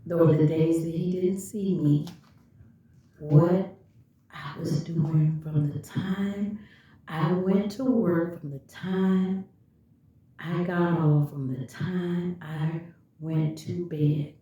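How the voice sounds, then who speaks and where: Slow, mellow woman telling her story. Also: on the low side, fairly even intonation. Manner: emphatic, addresses viewers directly. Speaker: vlogger. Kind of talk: storytelling personal experience. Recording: echoey room, far from the mic, dull lo-fi.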